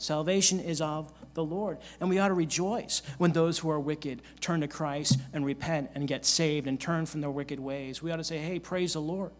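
Reading from scripture and returning to key phrases again and again for emphasis, a male pastor delivers an earnest sermon in a slightly high voice.

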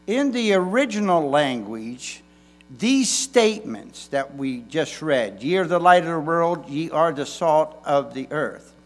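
A man's voice: fairly high pitch, very animated, measured pace. A man pastor preaching a sermon in a folksy way, with emphatic stresses and frequent restarts.

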